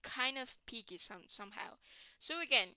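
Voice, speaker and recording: Woman, teacher, slow classroom explanation, smooth clear voice, dry close sound. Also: a little high, expressive, pushed and bright, no room sound. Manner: repeats "right, guys?" often, restarts and repeats words. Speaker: English teacher.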